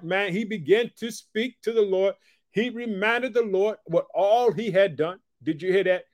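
Male preacher, high voice, slow emphatic scripture reading broken by quiet asides and catchphrases. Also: no echo. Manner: punctuates reading with repeated catchphrases and call-outs; prays aloud for listeners. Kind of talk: sermon teaching from scripture.

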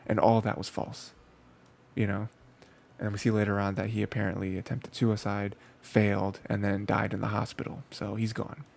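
A man's voice: fairly low pitch, flat delivery, moderate pace, creaky, darkish tone. A man hosting an anime review show, talking casually with lots of fillers and restarts. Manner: rambling, filler-heavy, frequent restarts.

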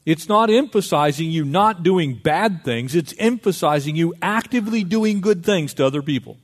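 Lively man preaching a sermon. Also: on the high side, normal speed. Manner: lively, conversational preaching with acted-out dialogue. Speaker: pastor.

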